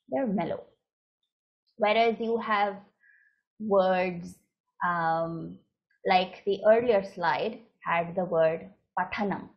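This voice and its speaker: A woman's voice: lowish voice, vocal fry. A woman teaching a lesson on chanting, explaining patiently and often checking in with "right?". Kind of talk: recorded lecture with slides. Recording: muffled lo-fi recording.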